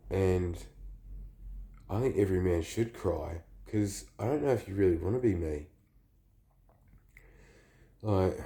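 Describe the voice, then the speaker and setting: A man with the flu, telling a personal story in a halting, rambling, confessional way. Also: low voice, mellow. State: sick with the flu.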